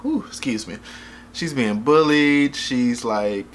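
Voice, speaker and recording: A man's voice: mid-range voice, takes it slowly, a little hiss or hum. A man casually reviewing a movie in a rambling, jokey, profane way, often losing track of names.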